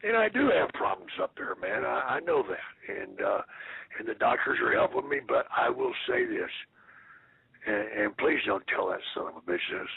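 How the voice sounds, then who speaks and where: A man in his fifties, a retired wrestler, giving a rambling, profane interview full of deadpan jokes. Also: medium pitch, normal speed, a little hiss or hum. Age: 50s. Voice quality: gravelly, raspy. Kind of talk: casual phone interview. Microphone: phone. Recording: tinny phone line.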